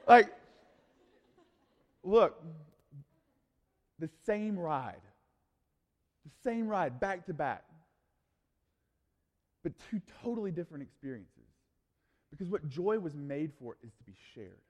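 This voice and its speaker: A youth pastor preaching to a crowd, a man with a slightly higher voice who tells his stories in a loose, animated way full of fillers. His voice rings out with the long reverb of a big hall. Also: a little slow, long pauses. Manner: animated, casual storytelling with frequent fillers. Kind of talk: storytelling sermon.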